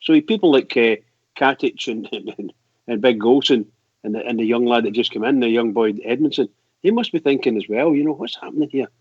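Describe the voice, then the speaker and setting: A man's voice: medium pitch, a little fast, husky, no room sound. A man hosting a fan call-in radio show, teasing his guests and laughing a lot. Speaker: radio host. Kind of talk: casual chat. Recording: dry, dull lo-fi audio.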